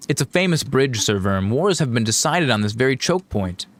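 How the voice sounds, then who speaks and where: A man voicing a courteous, earnest young noblewoman who gently scolds her companion. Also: medium pitch, big pitch swings, moderate pace, slight background noise, lightly acted. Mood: earnest, polite.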